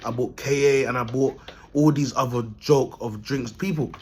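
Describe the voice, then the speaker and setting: A man's voice: mid-range voice, fairly even intonation, normal speed, noisy background. A man talking streetwise to his viewers in a rambling, preachy monologue. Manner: preachy, streetwise, keeps addressing "people". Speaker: vlogger.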